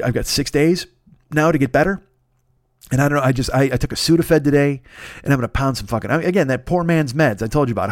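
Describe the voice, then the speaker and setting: A man hosting a podcast alone, hoarse and congested with a cold, rambling through a profane story. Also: mid-range voice, no room sound, clean studio sound. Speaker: podcast host. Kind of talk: casual solo monologue.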